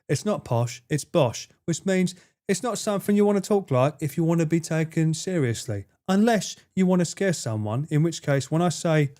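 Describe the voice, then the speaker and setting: A man's voice: fairly high pitch, brisk, warm tone. A man chatting casually on a live stream, laughing often and swearing freely as he reads chat.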